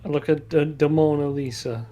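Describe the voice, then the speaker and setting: A man's voice: a little high, steady tone, moderate pace, dark tone, muffled recording. A man playing in a tabletop game, teasing and wisecracking with the table. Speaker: player.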